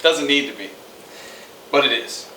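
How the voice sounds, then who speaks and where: A man's voice: mid-range voice, measured pace, background noise. A man casually reviewing a movie with a co-host, rambling and sarcastic, with lots of fillers. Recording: echoey room, mic at a distance.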